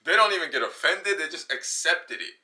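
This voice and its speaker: A man with a New York accent, talking casually to camera in an animated, slangy way with quick bursts of mimicry. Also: fairly high pitch. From New York City. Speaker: vlogger.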